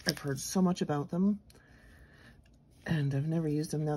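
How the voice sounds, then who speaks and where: A woman vlogger narrating a casual unboxing at her desk, chatty and gushing, murmuring asides softly. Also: deep voice, normal speed, pauses often, husky. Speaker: nail art vlogger. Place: home nail studio desk.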